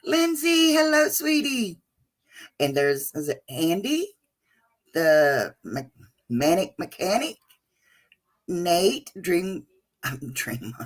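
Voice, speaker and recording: With a gravelly, mid-range voice, a middle-aged woman runs a casual livestream chat. She's talkative and greets each viewer by name, adding endearments such as "sweetheart" and "honey."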